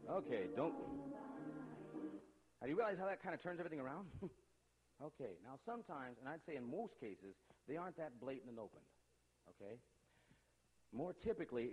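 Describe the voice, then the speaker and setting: A man's voice: mid-range voice, a little mellow, breathy edge, rough recording. A man giving an emphatic lecture to a live audience, firing off rhetorical questions in a conversational way. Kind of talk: animated lecture.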